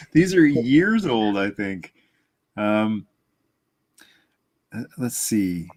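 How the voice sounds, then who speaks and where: Jokey male stream guest, lively pitch, laughs a lot, on a webcam call. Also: extremely slow. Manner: laughs often, jokey and animated. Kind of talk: casual live stream chat.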